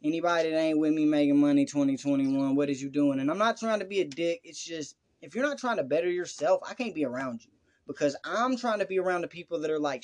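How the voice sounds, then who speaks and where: A man's voice: a little high, fast talker. A man with a Southern US accent, brash and profane, boasting about hustle on a casual podcast. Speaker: podcast co-host.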